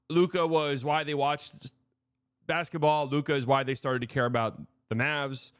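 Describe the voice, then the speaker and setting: A man's voice: on the high side, fairly even intonation, moderate pace, smooth, no room sound. A man hosting a live stream, talking through sports news in a frank, rambling way, swearing often and restarting sentences. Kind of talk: casual live-stream commentary.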